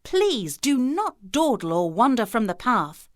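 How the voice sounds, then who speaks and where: A woman voicing a caring mother giving her little girl gentle but firm warnings in a storybook. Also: a little high, very animated, unhurried, no room sound, studio quality, voice pushed up.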